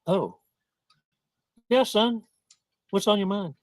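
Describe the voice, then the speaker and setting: A man voicing a patient, nurturing mother who answers her son gently. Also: high voice, lively intonation, slow pace, no echo, studio quality, pitched above the performer's own voice. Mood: gentle. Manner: gentle, soothing, stifling laughter.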